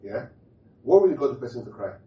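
A man's voice: mid-range voice, big pitch swings, quick pace. A man preaching a sermon, often asking the congregation questions and repeating key phrases for emphasis. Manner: call-and-response questions to the congregation. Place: church hall. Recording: distant, echoey, muffled hall recording.

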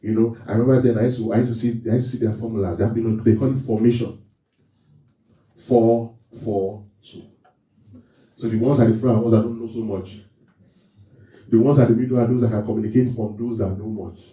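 A man's voice: lowish voice, steady tone, fairly quick, long pauses, mellow. A man preaching a sermon, often checking in with the congregation with questions. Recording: echoey room, from a distance.

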